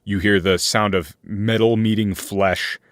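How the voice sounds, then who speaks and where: Low-ish guy gm, talks real slow, lots of uh and like, dry close sound. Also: steady tone, dry recording. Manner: slow, hesitant narration with many fillers. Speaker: game master. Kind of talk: narrating a tabletop game.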